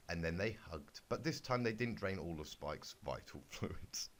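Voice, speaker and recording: A man's voice: sits low, expressive, normal speed, hardly any pauses. A man giving a comic reading of a fanfic, breaking off for sarcastic, exasperated asides and swearing. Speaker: fanfic reader.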